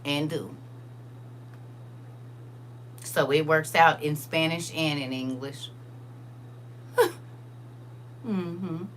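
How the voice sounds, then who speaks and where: A woman hosting a livestream, telling a story to her chat in a casual, animated and emphatic way. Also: low voice, drawn-out words, pauses often, a little hiss or hum. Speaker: livestream host.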